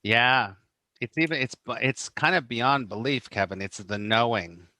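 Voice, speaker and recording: A middle-aged man, a spiritual teacher, telling stories in an animated, casual way and acting out the people he quotes, with many "you know"s. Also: medium pitch, measured pace, dry recording. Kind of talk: casual podcast conversation.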